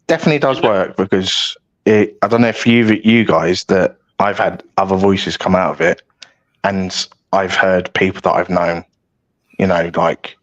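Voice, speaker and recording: A man's voice: deep voice, moderate pace, dull audio. A British man talking as a guest, telling rambling, self-mocking stories with lots of restarts. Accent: British English. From United Kingdom. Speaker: guest paranormal investigator. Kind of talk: casual storytelling chat.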